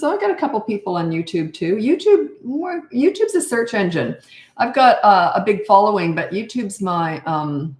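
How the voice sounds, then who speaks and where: An older woman hosts a casual livestream, chatting loosely and greeting viewers as their comments come in. Her voice sits a little low for a woman, and the room around her adds a clear echo. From Canada. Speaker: parenting coach hosting a livestream.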